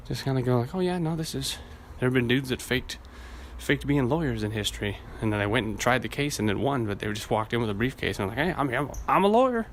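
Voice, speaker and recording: A fairly low-pitched man hosts a solo podcast, with a little hiss or hum on the audio. Hot and sweaty, he rants casually, curses freely, rambles and laughs at himself over his stories.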